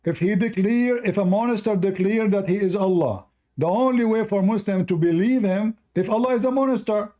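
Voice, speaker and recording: A man's voice: sits high, moderate pace, hardly any pauses, dark tone. A man hosting a heated live debate, arguing hard, interrupting and repeating himself, and losing his voice. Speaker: host.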